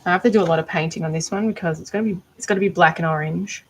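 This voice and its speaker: A woman's voice: on the low side, fairly even intonation, very fast, a little hiss or hum, poor audio. A woman chatting casually to viewers on a craft livestream, laughing often and trailing off mid-thought. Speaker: livestreaming doll maker. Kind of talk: casual live stream chat.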